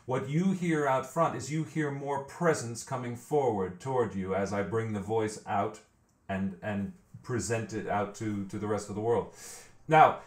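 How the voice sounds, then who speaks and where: A man's voice: mid-range voice, darkish tone, reverberant. A man teaching a vocal training lesson, explaining step by step and often repeating words as he thinks. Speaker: vocal coach.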